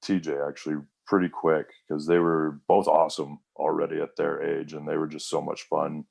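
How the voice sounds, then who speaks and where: A man's voice: extremely low pitch, little pitch movement, normal speed, creaky, a little mellow. A man in his thirties, a wrestler guest, telling rambling stories in a casual interview, full of fillers and quoted voices.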